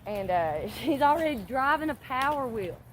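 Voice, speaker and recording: Middle-aged woman vlogger, higher voice, animated and salty storyteller, noisy background. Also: moderate pace. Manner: animated, swears casually, laughs often. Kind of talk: casual storytelling. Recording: steady background noise.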